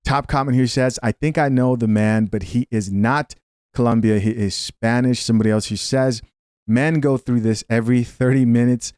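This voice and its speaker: A man's voice: mid-range voice, fairly even intonation, moderate pace, a little mellow, clean tone, no room sound, studio quality. A man hosting a reaction video, giving opinionated casual commentary and reading viewer comments aloud.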